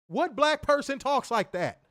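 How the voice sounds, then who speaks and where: A man co-hosting a casual wrestling review podcast, animated, swearing freely and laughing often. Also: on the high side. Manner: animated, profane, laughs a lot. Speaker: podcast co-host.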